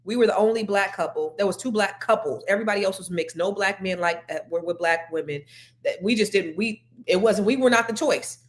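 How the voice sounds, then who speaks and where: A middle-aged woman from California hosting a panel discussion, frank and animated, with many restarts. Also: medium pitch, a little fast. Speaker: podcast host.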